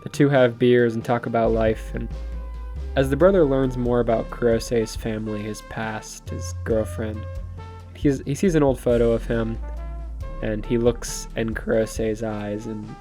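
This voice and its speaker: A man's voice: mid-range voice, steady tone, unhurried, warm tone, faint music behind. A man casually retelling a comic story, chatty and loose, laughing and swearing as he goes. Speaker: manga reviewer.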